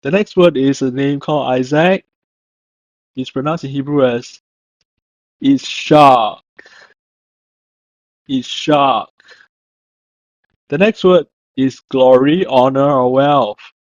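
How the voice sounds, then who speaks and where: A man teaching a language lesson, speaking slowly and deliberately and repeating each word to show how it is pronounced. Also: mid-range voice, darkish tone, no echo. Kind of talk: slow instructional narration. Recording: dull lo-fi dry voice-over.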